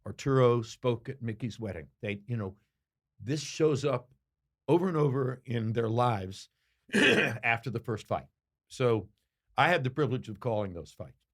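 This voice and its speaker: An older man, a boxing commentator, answering interview questions with slow, reflective storytelling and emphatic pauses. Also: medium pitch, expressive, fairly bright tone.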